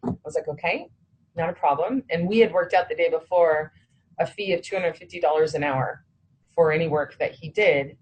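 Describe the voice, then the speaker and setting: A woman's voice: low-pitched, moderate pace, a little mellow, a little hiss or hum, rough recording. A woman recounting a personal story, acting out the dialogue of others and cursing when heated.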